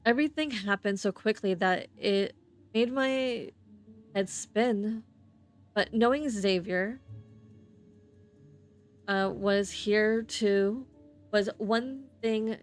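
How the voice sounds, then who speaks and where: Woman streamer, slow halting read-aloud of game text, lots of slips and restarts. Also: mid-range voice, soft background music. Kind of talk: reading game narration on stream.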